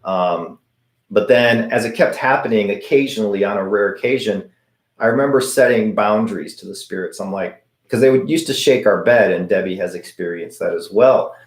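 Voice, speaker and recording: A man's voice: fairly low pitch, normal speed. A middle-aged man hosting a live viewer Q&A, telling stories casually and acting out the voices he quotes. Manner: chatty, anecdotal, acts out quoted voices. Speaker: host of a paranormal channel answering viewer questions. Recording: echoey room.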